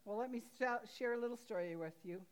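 A woman's voice: fairly high pitch, quick pace. Chatty woman pastor telling a story. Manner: homely, chatty, laughs at herself. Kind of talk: sermon with storytelling.

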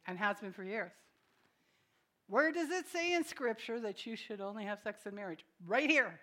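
A woman preaching a sermon in a mid-range voice. She talks to the congregation directly and keeps putting questions to them. Her firm declarations alternate with soft, self-deprecating asides. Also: mid-range voice, lively intonation, moderate pace. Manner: swings from emphatic declarations to soft, quiet asides.

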